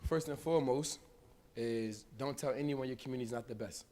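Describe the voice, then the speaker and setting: American preacher, loud and hushed by turns. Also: male voice, mid-range voice, a little fast. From United States. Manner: informal street-style speech with big swings of volume. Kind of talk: live mosque talk. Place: mosque hall.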